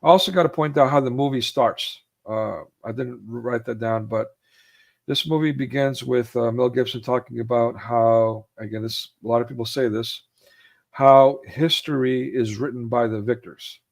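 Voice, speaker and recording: A man's voice: mid-range voice, steady tone, normal speed, gravelly. A man in casual chat about his favorite movies. He rambles with fillers and acts out quotes in raised voices. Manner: rambling, with many fillers and restarts. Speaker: co-host of a film chat.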